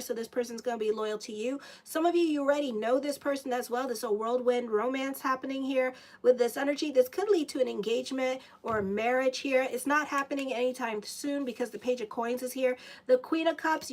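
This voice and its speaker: A woman reading tarot cards in a relaxed, chatty way, often breaking off to talk to viewers and to her pets. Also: on the high side. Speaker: astrologer and tarot reader. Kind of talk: casual live tarot reading.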